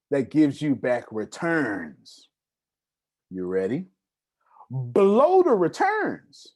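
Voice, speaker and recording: A man's voice: mid-range voice, darkish tone. A man giving an emphatic live seminar talk on money, repeating words for stress and asking his audience questions. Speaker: motivational speaker.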